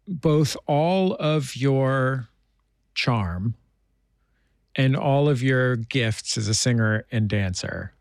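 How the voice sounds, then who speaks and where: A man's voice: medium pitch, creaky, dry recording. A male host from San Francisco leads a radio interview in an easy, conversational way, poking fun at himself as he goes. His voice sits in a middle register, close and dry. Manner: conversational, self-deprecating, laughs easily.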